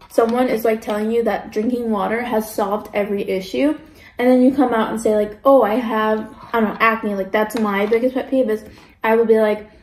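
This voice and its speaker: A young woman vlogging casually as she eats, chatting in an animated way and acting out the voices in her stories. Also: on the high side. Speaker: mukbang vlogger. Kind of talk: casual chat while eating. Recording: echoey room.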